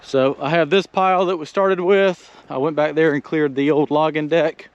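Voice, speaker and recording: A man walking a land-clearing site outdoors, talking plainly and a little out of breath as he explains the work, with filler words. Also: a little high, steady tone, normal speed. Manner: plainspoken, thinking aloud with fillers. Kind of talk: casual walk-and-talk vlog. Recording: dull lo-fi outdoor camera audio.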